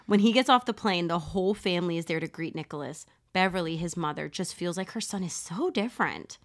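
A woman with a somewhat low voice narrates a true crime story for her podcast co-host. She talks loosely and conversationally, dropping profanity and laughing along the way. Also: animated, brisk. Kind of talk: casual storytelling chat.

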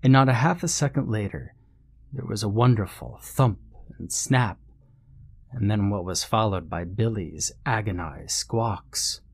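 A man reads a horror story in a measured, suspenseful manner. His voice sits low and he takes his time over each line. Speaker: narrator. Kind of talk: scripted horror story narration.

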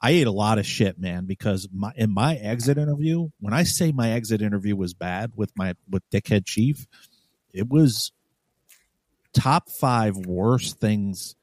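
A lower-pitched man tells his story as a guest in a casual interview. He is blunt and profane, and he keeps circling back and restarting his sentences. His voice is recorded dry and close, with no room sound. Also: lively intonation, fairly quick, hardly any pauses, a little mellow, no echo. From New York. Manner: blunt, profane, heated retelling with many restarts. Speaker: guest, former police sergeant.

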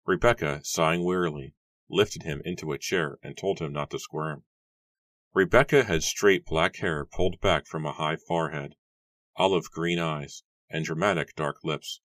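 A man narrating an audiobook in a steady, measured reading style. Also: a bass voice, no room sound.

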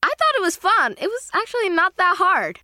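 A woman's voice: very high voice, sing-song, brisk, bright, forceful tone, no echo, clean studio sound. A woman co-hosting a kids' music lesson, bubbly and curious.

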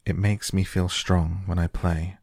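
A man's voice: low-pitched, little pitch movement, a little slow, vocal fry, darkish tone, dry recording, clean studio sound, full character voice. A man reading the part of a timid little girl who pleads and stammers. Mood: eager. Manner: hesitant, stammering pleas.

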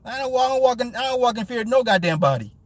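A man in his forties hosting a casual live stream, chatting with viewers in a blunt, profane and animated way, often laughing. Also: very high voice, fast talker. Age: 40s. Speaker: live-stream host and movie reviewer.

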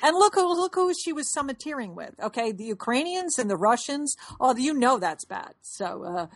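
A woman's voice: sits high, big pitch swings, normal speed, no room sound, clean studio sound. A woman co-hosting a casual chat, talking in a rambling way with restarts and laughs at herself. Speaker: podcast co-host.

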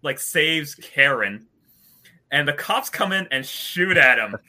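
A man in casual movie discussion, animated and laughing as he talks. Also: on the high side, slow. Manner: animated, laughs while talking. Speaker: podcast panelist.

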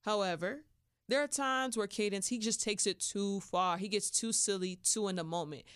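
A woman hosts a podcast and tells a personal story in a loose, chatty way. She is playful and animated, with slangy asides. Her voice is smooth and clear, and the recording is dry and close. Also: mid-range voice, normal speed, no echo. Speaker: podcast host.

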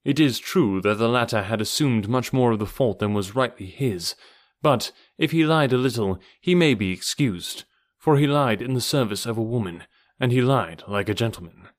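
A man narrating an adventure novel as an audiobook in a steady, measured storytelling manner. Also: medium pitch, dry recording, studio quality.

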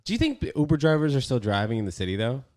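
A man's voice: mid-range voice, very animated, fast talker, a little mellow. A man hosting a podcast in casual chat, laid-back and slangy. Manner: laid-back, slangy, says "dude" a lot. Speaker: podcast host.

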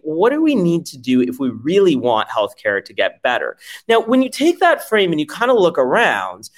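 Emphatic profane startup founder, lively pitch. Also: male voice. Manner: profane, emphatic, rhetorical questions and acted-out scenarios. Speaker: startup CEO guest. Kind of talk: animated conversational pitch. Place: podcast interview.

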